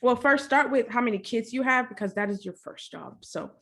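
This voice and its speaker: A young woman hosting a casual podcast interview, bubbly, chatty and openly nervous and excited. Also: on the high side, brisk, creaky. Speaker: podcast host.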